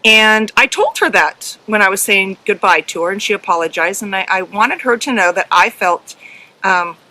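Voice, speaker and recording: A middle-aged woman co-hosting a casual podcast, telling a story earnestly and emotionally, with halting ums. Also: mid-range voice, lively intonation, sharp tone, low-quality recording. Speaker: podcast co-host and herding judge.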